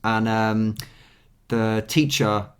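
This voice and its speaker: A man's voice: fairly low pitch, drawn-out words, clean tone. A young man with a southern English accent, co-hosting a casual podcast chat and telling stories with acted-out quotes. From England. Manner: animated storyteller who acts out quotes. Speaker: podcast co-host.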